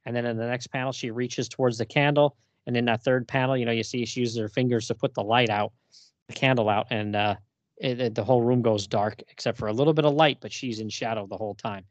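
A man co-hosting a podcast in casual chat, retelling a comic scene in an animated way and laughing often. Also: medium pitch, quick pace, dry recording, highs cut off. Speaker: podcast co-host.

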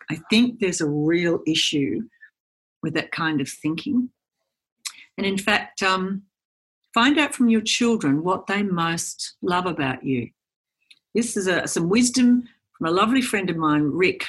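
Interview guest: animated woman with a husky voice. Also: medium pitch. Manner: animated storyteller, acts out quotes. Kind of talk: conversational interview.

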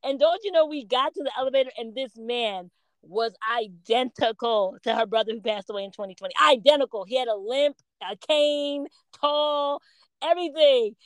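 Animated storytelling woman, dry close sound. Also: sits high, normal speed, clear, resonant tone, no echo. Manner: animated storytelling, quotes herself and others. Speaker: podcast co-host. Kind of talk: casual chat.

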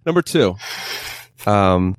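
A man's voice: fairly low pitch, sing-song, slow pace, no room sound, studio quality. A man co-hosting a podcast, chatting about a film in a playful, rambling way. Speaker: podcast co-host. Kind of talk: casual film chat. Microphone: desk microphone.

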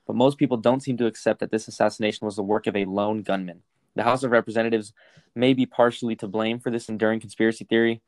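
A man's voice: on the low side, steady tone, fast talker, no room sound. A young man co-hosting a casual podcast, reading facts aloud and rambling into stories, with lots of swearing. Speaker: podcast co-host.

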